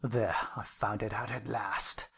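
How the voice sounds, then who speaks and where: A woman's voice: a bass voice, fairly even intonation, unhurried, creaky, slightly rough, voice pushed down, full character voice. A woman reader voicing a drunken, violent man in an audiobook, growling furiously. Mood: raging. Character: drunken raging man, violent master of the house. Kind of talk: audiobook character voice.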